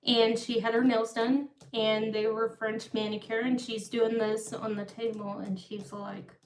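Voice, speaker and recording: On a live stream, a woman in her thirties rambles through a story, often cutting herself off and starting over. Her voice is on the high side with little pitch movement, and she speaks unhurriedly. The room echoes, she is far from the mic, and there is slight background noise.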